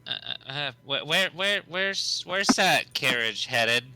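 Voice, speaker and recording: A man's voice: a little high, expressive, takes it slowly, noisy background. A man voicing Gick, an earnest and flustered young male watch recruit, stammering and repeating his words. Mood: puzzled.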